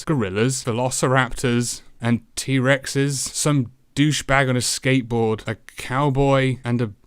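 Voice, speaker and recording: A man's voice: mid-range voice, no room sound. A man narrating a retro game review in a sarcastic, profane way, swearing often.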